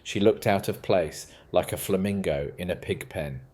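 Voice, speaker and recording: A man narrating a storybook in an even, steady way. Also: low voice, moderate pace.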